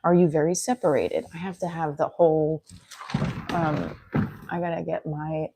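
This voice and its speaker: A woman's voice: deep voice, steady tone, normal speed, noisy background. Chatty woman vlogging over morning coffee. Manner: chatty, rambling, talks while making coffee. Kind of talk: casual livestream chat. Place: home kitchen.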